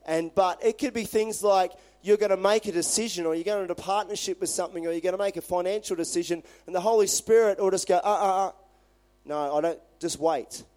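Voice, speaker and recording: Brief: male pastor, fairly high voice, conversational animated sermon delivery. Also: fast talker, few pauses. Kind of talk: sermon with scripture reading.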